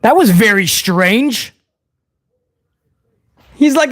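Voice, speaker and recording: A man's voice: high-pitched, lively intonation, normal speed. A man hosting a live watch-along review, ranting heatedly to his chat with plenty of swearing. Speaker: host of a wrestling review show.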